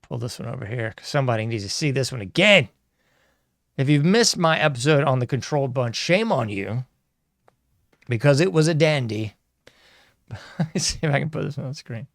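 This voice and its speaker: A man's voice: medium pitch, expressive, moderate pace, creaky, long pauses, a bit bright, no echo, clean studio sound. A man hosting his own show, rambling and sarcastic, laughing often as he talks. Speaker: podcast host. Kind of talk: casual solo commentary.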